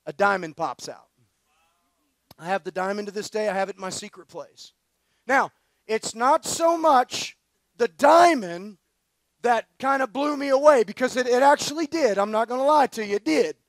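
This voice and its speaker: A man preaching at a conference, telling a story in a loose, slangy and energetic way, full of fillers. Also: very high-pitched, moderate pace, no echo. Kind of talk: storytelling sermon.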